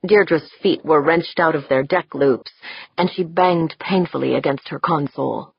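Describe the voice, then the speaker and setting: A woman narrating a science-fiction audiobook in a measured, steady storytelling manner. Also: low-pitched, creaky, slightly rough, no echo. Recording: slightly dull, dry audiobook recording.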